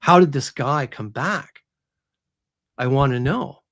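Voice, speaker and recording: A man of medium pitch speaks slowly as an author being interviewed on a show. He brings a story to life casually and animatedly, taking on each character's voice.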